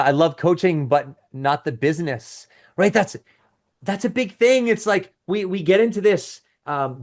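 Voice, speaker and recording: A middle-aged man teaching a live webinar as a business coach, talking casually with restarts and asides and reading out audience chat comments. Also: fairly high pitch.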